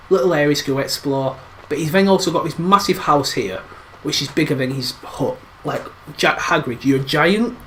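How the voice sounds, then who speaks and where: A man's voice: fairly high pitch, sharp tone, slight background noise. A man hosting a gaming livestream, giving casual, rambling gameplay commentary full of teasing jokes.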